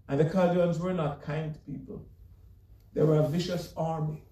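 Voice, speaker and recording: A man's voice: fairly high pitch, fairly even intonation, normal speed, dark tone. A man preaching a sermon as pastor, earnest and emphatic, with light chuckles between points. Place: church sanctuary. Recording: echoey church room, mic far off.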